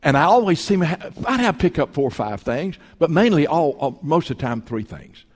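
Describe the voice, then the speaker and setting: A man preaching a sermon as pastor, telling folksy stories and swinging between loud and hushed. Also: fairly high pitch, sing-song, fairly quick, long reverb tail. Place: church sanctuary.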